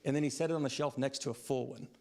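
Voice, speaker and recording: A man's voice: mid-range voice, fairly even intonation, racing, warm tone. A man in his thirties giving a funeral eulogy for his grandfather, telling stories in a reflective way with frequent "um" fillers. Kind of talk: funeral eulogy, personal storytelling. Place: funeral service.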